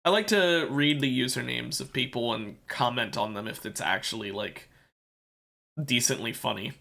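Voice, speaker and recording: A man's voice: medium pitch, normal speed, gravelly, bright, forceful tone. A man streaming a video game, rambling and correcting himself in casual commentary while sounding sleepy and yawning.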